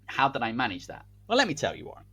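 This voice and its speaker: A man co-hosting a podcast, telling a made-up sports story in animated, commentary-like casual chat. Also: mid-range voice, fast, husky. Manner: animated, spins a hypothetical tale like match commentary. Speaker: podcast co-host.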